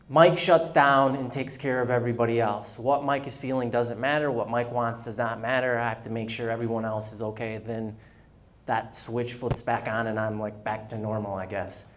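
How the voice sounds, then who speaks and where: A man giving a personal testimony at a business luncheon, telling his story candidly and acting out the dialogue. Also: medium pitch. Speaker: guest speaker.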